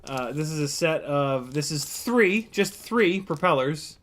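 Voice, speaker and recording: Excitable man hosting a drone stream. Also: a little high, a little slow. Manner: excitable, exclaiming and swearing while flying; jokey, laughs often. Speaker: FPV drone pilot and live stream host. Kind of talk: casual live stream commentary.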